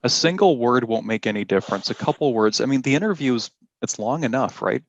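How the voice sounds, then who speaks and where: A man teaching an exam-prep class, explaining slowly and deliberately and stressing key words. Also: medium pitch, animated, no room sound, muffled recording. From Canada. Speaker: IELTS teacher. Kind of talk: classroom lesson.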